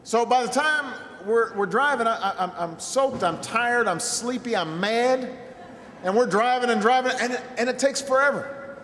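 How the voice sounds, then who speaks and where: A man with a very high-pitched voice, speaking at a moderate pace, delivers a rally speech to a large venue full of people. He tells a self-mocking story, then rouses the crowd with shouted calls and responses. A loud crowd cheers over the echoey PA in a long hall, with slight background noise.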